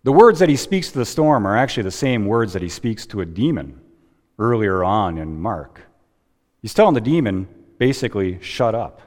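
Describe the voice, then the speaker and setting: A man preaching a sermon as a pastor, slow and deliberate with dramatic pauses, heard in a church sanctuary. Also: fairly low pitch, very animated. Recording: long reverb of a church hall.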